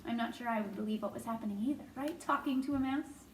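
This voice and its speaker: A woman reading a children's novel aloud, expressive, with chatty asides to her listeners. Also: fairly high pitch, fast. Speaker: storyteller. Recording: echoey room, faint noise.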